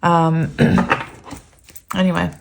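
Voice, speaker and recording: A woman's voice: fairly low pitch, level tone, very slow, creaky, noisy background. A woman talking straight to her viewers through a tarot reading. She rambles and chats freely and breaks into laughter often as she turns the cards. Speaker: tarot reader. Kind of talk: casual pick-a-card tarot reading.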